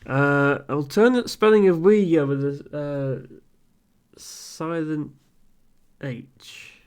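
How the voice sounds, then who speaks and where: A man streaming a word game and chatting casually with viewers in a dry, amused way, thinking aloud with soft chuckles and ums. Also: on the high side, slow, clear, resonant tone.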